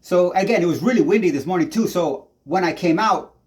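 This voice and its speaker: This tenant films his neighbor with a handheld camera and delivers an angry vlog rant, swearing heavily and rambling agitatedly. He speaks fairly quickly in a high voice.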